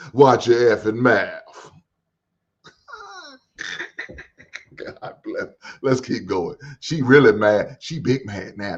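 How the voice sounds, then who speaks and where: A man's voice: lowish voice, dull audio. A middle-aged man hosting a reaction show, riffing in casual slangy banter and laughing along.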